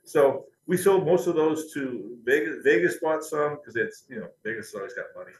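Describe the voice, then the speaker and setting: A man's voice: on the high side, lively intonation, moderate pace, a little hiss or hum. A man, a company historian, telling anecdotes in an interview, chatty and laughing now and then. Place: company building. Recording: roomy echo.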